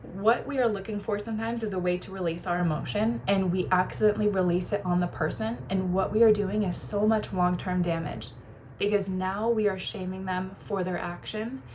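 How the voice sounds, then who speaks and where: Young adult female coach, mid-pitched voice, animated storyteller, casual advice to camera, faint hiss behind. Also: normal speed. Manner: animated storyteller, shifts voice when quoting people. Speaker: feminine energy coach.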